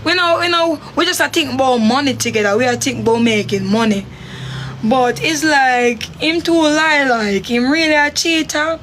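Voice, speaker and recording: Jamaican woman, high voice, animated casual storyteller, faint noise behind. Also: normal speed. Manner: animated, acts out her own quotes with sharp pitch jumps.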